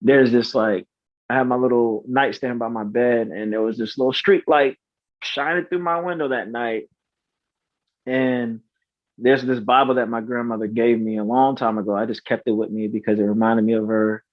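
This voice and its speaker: A man in his thirties, a podcast guest, telling a personal story in a halting, earnest way with many restarts and fillers. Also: medium pitch, steady tone, dry recording. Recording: slightly dull, dry recording.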